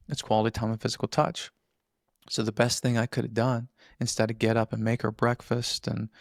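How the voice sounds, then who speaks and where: Gravelly man speaking earnestly. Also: mid-range voice, dry recording, studio quality. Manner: earnest, restarts phrases while explaining. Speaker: podcast guest. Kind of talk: casual interview talk.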